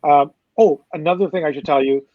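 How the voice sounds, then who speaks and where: A Canadian man with a fairly high voice telling a long story in a casual podcast chat, animated and loose, slipping into the voices of the people he quotes. The sound is dry and a little muffled. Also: a little fast, no echo. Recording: slightly muffled dry recording.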